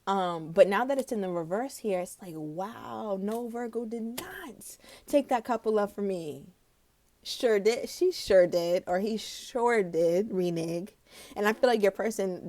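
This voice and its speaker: A woman giving a casual, animated tarot reading, chatty and dramatic, laughing often. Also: medium pitch, dry recording. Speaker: tarot reader.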